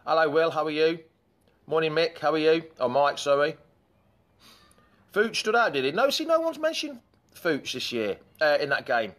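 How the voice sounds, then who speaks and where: A man hosts a live fan chat show, his voice sitting a little high and swinging up and down with lots of expression. He talks in a rambling, casual way and keeps breaking off to greet commenters. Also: lively intonation, normal speed, long pauses, a bit bright.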